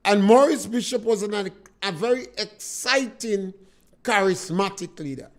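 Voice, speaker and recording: Speaking from a studio, this very high-voiced Grenadian man hosts political talk radio with listener calls. His delivery is emphatic, peppered with rhetorical questions.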